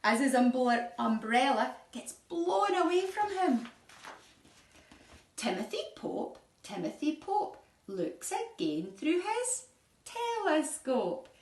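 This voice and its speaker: A woman reads a picture book aloud to little children, her high voice swooping up and down in sing-song storytelling. She takes her time with the words. The sound is echoey, and she is a little way off from the mic. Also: slow. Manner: animated, sing-song storytelling with gasps and questions. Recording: echoey room, voice from a distance.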